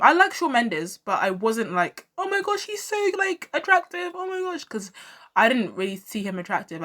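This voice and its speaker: Chatty woman vlogger. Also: medium pitch. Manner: chatty, animated, repeats herself for emphasis. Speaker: music commentary vlogger. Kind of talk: casual opinionated commentary.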